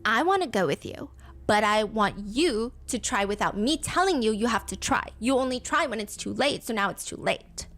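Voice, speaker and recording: A woman's voice: fairly high pitch, lively intonation, moderate pace, a bit bright. A woman reading out a demanding young woman's messages in a curt, scornful tone.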